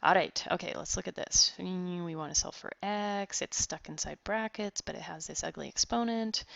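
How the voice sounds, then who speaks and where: A woman's voice: on the low side, normal speed, creaky, few pauses, fairly bright tone, no echo. A woman math tutor talking students through problems step by step, encouraging them as she goes. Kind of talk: online math lesson. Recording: dull, dry close recording.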